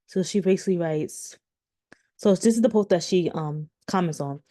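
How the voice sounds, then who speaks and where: This woman, a commentary vlogger in her 30s, has a dark tone and a voice on the low side, speaking at normal speed. Her casual remarks to viewers ramble, full of fillers and restarts.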